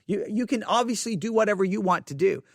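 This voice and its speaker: A man hosting a solo podcast, talking off the cuff in an animated, repetitive way with many restarts. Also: high-pitched, quick pace, dry recording, studio quality. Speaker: podcast host. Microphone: studio microphone.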